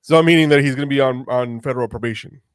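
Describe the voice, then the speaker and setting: A man hosting an interview podcast, talking earnestly and haltingly with many restarts. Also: medium pitch, dry recording, clean studio sound. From United States. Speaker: podcast host. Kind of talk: conversational interview.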